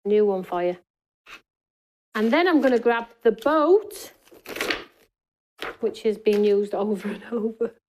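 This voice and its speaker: Woman, craft show host, live demonstration, chatty, talks to viewers, mid-pitched voice, indoor studio. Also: lively intonation, slow, pauses often, background noise. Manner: chatty, talks to viewers and reads their comments.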